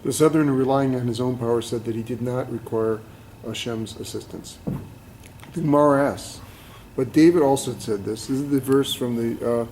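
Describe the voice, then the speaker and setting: Male student reading a commentary in class, mellow tone, plain and even. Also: mid-range voice, moderate pace, slight background noise, low-quality recording.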